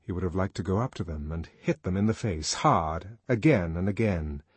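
A man narrating an audiobook in a measured, expressive reading. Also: deep voice, husky, no room sound. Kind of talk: scripted narration.

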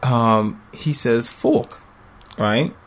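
A man in his thirties telling family stories in a casual chat, lively and acting out voices with laughter. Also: moderate pace. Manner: animated storyteller, acts out voices with big pitch jumps and laughter.

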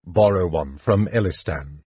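A sardonic, irritable half-elf leader, read by a male narrator in a low, husky voice. The recording is dull and dry. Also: measured pace, warm tone, no echo, exaggerated voice. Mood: curt.

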